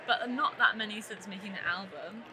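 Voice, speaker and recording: A woman's voice: medium pitch, fairly quick, a crowd in the background. A woman explaining details plainly in a casual interview chat. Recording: loud background noise.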